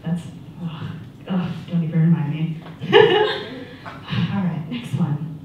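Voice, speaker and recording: A woman's voice: on the low side, huge pitch swings, slow pace, long pauses, highs cut off, slight background noise. A woman in her twenties doing a stand-up comedy set, telling stories in a chatty way and acting out the people in them. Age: 20s. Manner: chatty storytelling, acts out voices. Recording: echoey room, mic from a distance.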